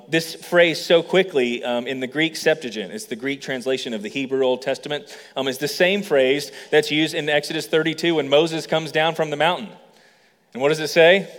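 A man preaching a sermon as a pastor, animated, building to emphatic passages and acting out quoted lines. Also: a little high. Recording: long reverb of a large hall.

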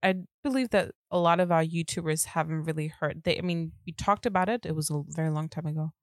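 A woman co-hosting a podcast in an excited, chatty way with a lot of laughing, recorded on a bed in a caravan. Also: low-pitched, quick pace, dry recording, clean studio sound. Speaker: podcast co-host. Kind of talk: casual chat.

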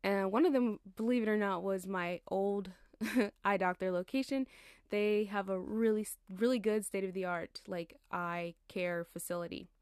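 A woman's voice: medium pitch, a little slow, a little mellow, clean tone, dry recording, studio quality. A young woman in her twenties rambling casually and tiredly about her life, chatty and slangy, laughing as she digresses. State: tired, yawning. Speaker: podcast host.

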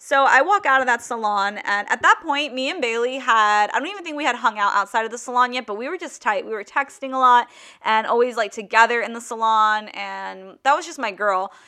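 A woman in her twenties hosting a podcast, telling a story in a casual, animated way with lots of "like". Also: fairly high pitch, fairly quick. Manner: chatty, heavy use of "like", animated retelling. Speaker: podcast host.

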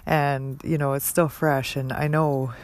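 Woman podcast host, earnest, halting, even-toned personal monologue. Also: extremely low pitch. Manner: earnest, halting, many pauses and fillers.

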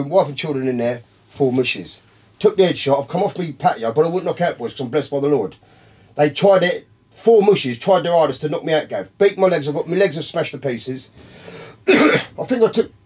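A man's voice: a little high, animated, normal speed, darkish tone, husky. A man, telling a long, profane story in casual talk, rambling and calling his listeners by name. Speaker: podcast guest.

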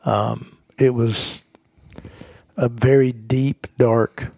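A man's voice: mid-range voice, fairly even intonation, drawn-out words, vocal fry, dark tone, breathy edge, no echo, studio quality. A man in his fifties, a golf professional telling his stories as a guest in a casual interview, earnest and rambling, often repeating himself.

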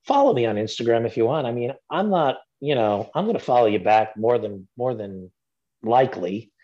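An easygoing man chats loosely as a podcast guest, rambling and restarting his sentences. His voice sits at an ordinary pitch and comes through a slightly dull, lo-fi line. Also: lively intonation, normal speed, warm tone. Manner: easygoing, rambling with many fillers. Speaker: guest actor. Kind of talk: casual podcast chat.

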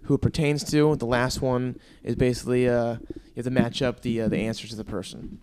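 Man, comedian co-host, casual, quick, swears, acts out quotes. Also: mid-range voice, flat delivery, background noise. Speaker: podcast co-host, stand-up comic. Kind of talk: casual podcast chat, storytelling.

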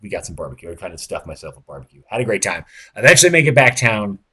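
A man in his late thirties, a podcast host, telling a rambling, excitable story with lots of fillers, restarts and swearing. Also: on the low side, rapid-fire, slightly rough. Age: late 30s. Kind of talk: casual storytelling monologue.

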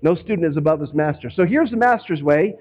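A man's voice: on the high side, lively intonation, fast talker, highs cut off. A man preaching as a pastor in a conversational way, from Northwest Indiana, slipping into quoted voices now and then. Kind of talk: sermon.

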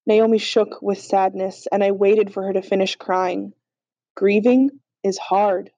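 Mellow woman reading a storybook. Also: medium pitch, steady tone, unhurried, no room sound. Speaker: audiobook reader. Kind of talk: storybook narration. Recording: slightly dull lo-fi audio.

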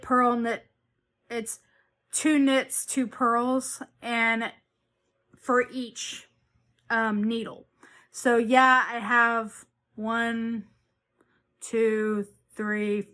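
A woman with a somewhat high voice hosts a homemade knitting podcast. She chats casually, rambling from one thought to the next. She often breaks off and restarts her sentences. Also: sharp tone. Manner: rambling, chatty, with frequent restarts and self-corrections. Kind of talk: casual chat.

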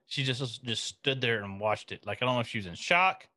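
Bright, lively man in dry close sound. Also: medium pitch, brisk, no room sound. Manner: playful, joking, lively. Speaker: co-host reacting to a series. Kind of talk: casual chat.

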